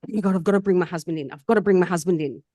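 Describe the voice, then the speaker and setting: A woman quoting an urgent, excited wife. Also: on the low side, racing, natural voice. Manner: urgent, repeating herself. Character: excited middle-aged corporate wife, urgent.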